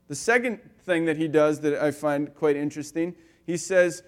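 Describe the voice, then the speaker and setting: A male pastor giving a conversational sermon, telling stories with lively swings between loud and quiet and filling his talk with "like" and "you know.". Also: on the high side, normal speed, few pauses, clean tone. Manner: animated storyteller, swinging between loud and soft; casual, with frequent "like" and "you know".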